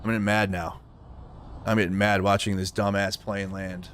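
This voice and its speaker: A man's voice: lowish voice, flat delivery, normal speed, fairly bright tone. A man hosting a live news commentary stream, talking bluntly and with profanity. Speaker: livestream news host.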